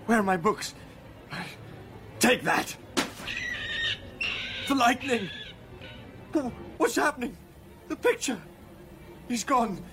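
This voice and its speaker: A man's voice: very high-pitched, expressive, slow pace, long pauses, over music, full character voice. An actor playing a nervous young male scholar alone at night, talking to himself and easily spooked. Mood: terrified.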